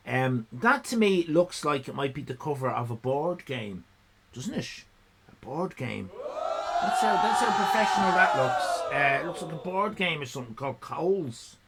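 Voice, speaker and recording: A man's voice: medium pitch, big pitch swings, background noise. A man hosting a live comedy stream, judging drawings in a playful, teasing way. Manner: playful, teasing, drawn-out delivery. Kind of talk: casual comedic livestream chat.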